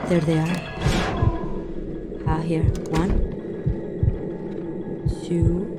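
A woman giving let's-play commentary on a horror game, jumpy and excitable, often gasping and exclaiming. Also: deep voice, extremely slow. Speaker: gaming streamer. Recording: game audio and music mixed in.

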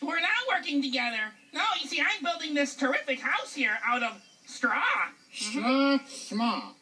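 Woman voicing a boastful little pig, squeaky high, bright and sharp, puppet show, distant mic. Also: lively intonation, a little slow, heavily acted. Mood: fussy. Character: silly boastful little pig building weak houses. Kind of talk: children's puppet show acting.

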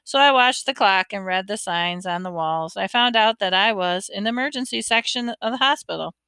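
A woman's voice: medium pitch, fairly quick, clean tone, no echo. Woman reading a children's book aloud. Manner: expressive read-aloud narration. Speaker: audiobook reader. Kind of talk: storybook read-aloud.

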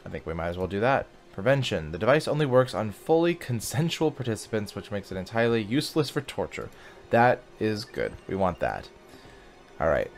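A man's voice: fairly low pitch, very animated, a little fast. A man hosting a casual gaming video, chatting and reading game text aloud as he plays. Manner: chatty, reacts aloud and sings snatches of songs.

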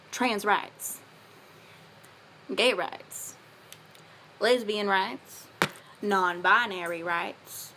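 A woman's voice: medium pitch, bright, forceful tone, a little hiss or hum. A woman voicing a doting, stereotypical Southern father with a put-on Southern accent, giving earnest, tender affirmations. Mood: folksy. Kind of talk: comedic affirmation monologue.

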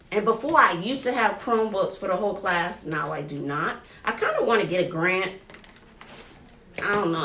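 A teacher, chatting excitedly to viewers while unboxing supplies in her classroom. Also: medium pitch. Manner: animated, exclaiming, chatty with viewers. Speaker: teacher and vlogger. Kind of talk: casual unboxing chat to viewers. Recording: roomy, distant camera mic, faint noise.

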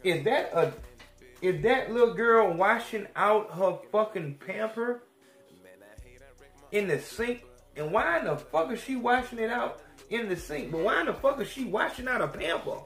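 Man, young, crude podcast rant; higher voice, echoey room, faint music. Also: moderate pace. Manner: profane, animated, swings between loud outbursts and mutters. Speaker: podcast host.

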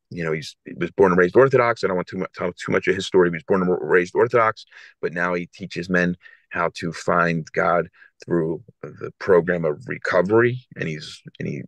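Deep-voiced man telling a raw story. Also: gravelly, no room sound. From South Philadelphia, USA. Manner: earnest, halting, repeats himself. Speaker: podcast guest. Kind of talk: emotional personal storytelling.

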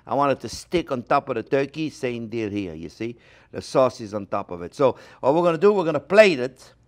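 A man with a French accent hosting a cooking show, teaching a recipe in a chatty, animated way with playful exclamations. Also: mid-range voice, a little fast. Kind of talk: casual cooking demonstration.

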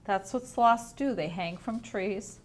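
A woman teacher reading a picture book aloud to young children, drawing out the words and pausing to ask them questions. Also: mid-range voice, a little hiss or hum. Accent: New England. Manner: gentle, drawn-out reading, asks children questions. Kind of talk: storybook read-aloud lesson. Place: at home.

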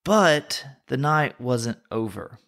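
A man's voice: mid-range voice, expressive, slow, a bit bright. Southern man in a mid-range voice, earnest podcast Bible teacher, reflective delivery. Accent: Southern American. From North Carolina, USA.

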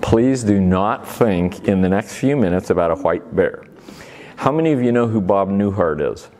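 A middle-aged man from Oregon, USA, speaks at a faith-based recovery ministry event, sharing homey stories with a live audience in a playful, folksy manner. His voice is low-pitched, expressive, and a little mellow, delivered at normal speed.

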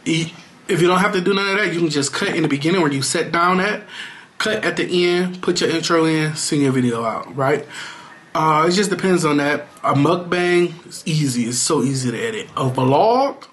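A man's voice: a little high, normal speed, a bit bright. A man talking casually to his viewers in a home vlog, playful and loose with slang and fillers. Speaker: vlogger. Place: home, at his computer and kitchen.

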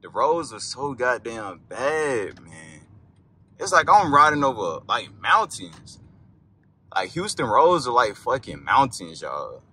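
This medium-pitched male voice moves slowly with big pitch swings, bright and forceful with a slight roughness. A young car vlogger chats casually while recording a night drive, rambling and swearing and letting out sudden yelps over bumps amid faint car noise.

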